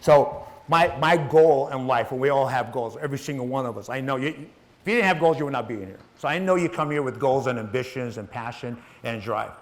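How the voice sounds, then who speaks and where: A man's voice: mid-range voice, brisk. Middle-aged male motivational speaker, punchy and repetitive, talks right at the crowd. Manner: emphatic, repetitive, addresses audience directly. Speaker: guest speaker. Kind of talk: motivational stage talk. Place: event hall with live audience.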